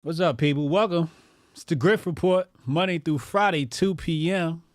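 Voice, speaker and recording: A man's voice: a little high, normal speed, no room sound, clean studio sound. Laid-back man hosting a live stream. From New Jersey, US. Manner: laughing, loose and rambling with slang. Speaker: host. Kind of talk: casual live-stream talk.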